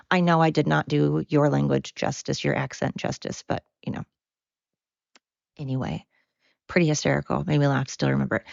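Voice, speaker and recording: A woman's voice: deep voice, vocal fry, no room sound, muffled recording. A woman in her forties hosting a solo podcast, chatty and rambling with self-mocking asides. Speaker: podcast host. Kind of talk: casual solo podcast monologue.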